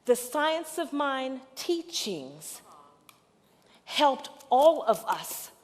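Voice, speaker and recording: A middle-aged woman pastor preaching a sermon, moving from hushed storytelling to loud, emphatic call-and-response peaks. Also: high-pitched, very animated, drawn-out words. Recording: reverberant hall recording.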